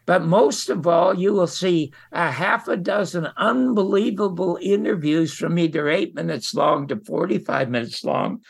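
Gravelly older man telling showbiz stories. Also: sits high, moderate pace, few pauses. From United States. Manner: animated storyteller who acts out quotes. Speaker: guest storyteller. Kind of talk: anecdotal interview talk.

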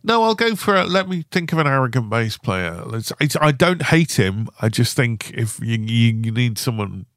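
A man's voice: medium pitch, big pitch swings, a bit bright, dry recording, studio quality. A man hosting a podcast interview, joking and punning on a podcast mic. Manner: jokey, quick with puns. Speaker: podcast host. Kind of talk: casual interview.

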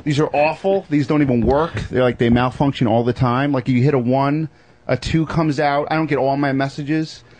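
A man performing a stand-up set. He grumbles through the set and bursts into shouted impressions. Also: medium pitch, fairly even intonation, normal speed. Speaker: stand-up comedian.

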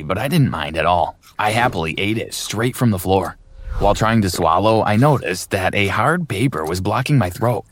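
A man narrating his own story in an earnest, plain first-person voice for an animated story. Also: on the low side.

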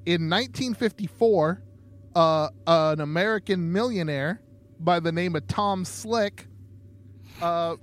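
Laid-back young man, slightly high. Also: slow. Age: young adult. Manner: rambling, many ums, laid-back joking. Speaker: podcast co-host. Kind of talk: casual chat.

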